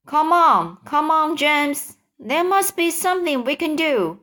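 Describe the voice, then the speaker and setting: A woman's voice: high-pitched, expressive, unhurried, pushed and bright, voice pushed up, exaggerated voice. A woman voicing a frantic, pushy male centipede in a storybook read-aloud, repeating words urgently.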